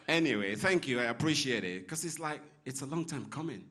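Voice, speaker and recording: A man's voice: a little high, lively intonation, fairly quick, hardly any pauses. A man from Nigeria performing a stand-up comedy set on stage in a comedy club, teasing the crowd.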